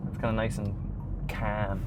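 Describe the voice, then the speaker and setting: A man, driving his friend and teasing him with quick, laughing questions. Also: on the low side, level tone. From Ireland. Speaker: driver and co-host. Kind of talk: casual chat in a car. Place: inside a car. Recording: noisy car interior.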